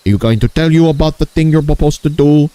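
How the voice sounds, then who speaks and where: A man's voice: a little fast, dark tone, clean tone, natural voice. A man doing an Indian-accented impression of a prudish, scolding man who rants and repeats insults. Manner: shrill, ranting, repeats insults.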